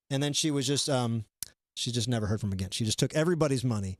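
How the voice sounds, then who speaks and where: A man's voice: medium pitch, fast, dry recording, clean studio sound. A man hosting a comedy live stream, chatting casually and rambling with lots of fillers and restarts. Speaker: comedy show host.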